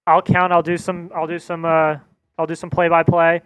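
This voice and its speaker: A man's voice: a little high, completely flat delivery, normal speed, fairly bright tone, smooth, no room sound, dull audio. A man co-hosting a live sports stream, counting reps and cheering the host on. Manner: upbeat, rhythmic counting. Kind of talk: counting push-ups, playful play-by-play.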